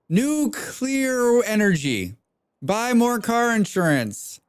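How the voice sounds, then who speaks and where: Animated, rambling male game streamer. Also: fairly high pitch, unhurried. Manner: rambling, profane, reads chat aloud. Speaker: livestreamer. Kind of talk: casual game stream chat.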